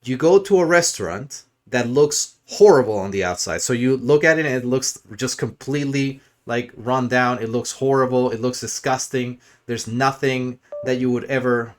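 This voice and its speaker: A man's voice: medium pitch, moderate pace, few pauses. Crude sarcastic male streamer ranting. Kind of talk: mocking rant commentary.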